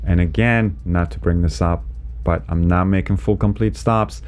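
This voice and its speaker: A man who is a driving instructor, explaining winter driving in a relaxed, chatty way from inside his car, with lots of "you know" and "right?". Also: sits low, moderate pace, slight background noise. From Canada. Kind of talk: casual instructional commentary while driving.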